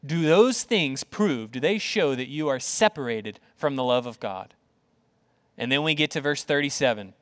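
A man preaching a conversational, animated sermon, full of rhetorical questions, in a church auditorium. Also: mid-range voice, moderate pace, in a large hall. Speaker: pastor.

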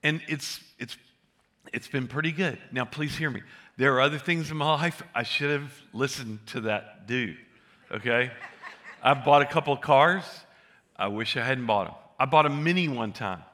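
A man's voice: mid-range voice, moderate pace, fairly bright tone. An older man preaching a sermon, telling folksy stories and joking with the congregation. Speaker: pastor.

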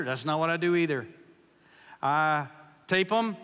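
A man tells folksy, joking stories as a guest preacher. His voice sits high and sounds bright and forceful. Long reverb from a large church hall trails behind every phrase. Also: moderate pace, long pauses, smooth. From Kentucky. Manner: folksy, joking, animated storytelling. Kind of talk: humorous sermon storytelling.

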